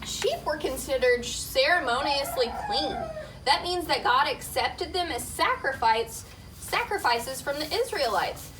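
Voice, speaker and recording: A woman reading a Bible lesson about shepherds to children in a steady, informative way. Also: sits high, a little slow, far from the mic. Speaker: Bible story teacher. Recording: set back from the mic, clear background noise.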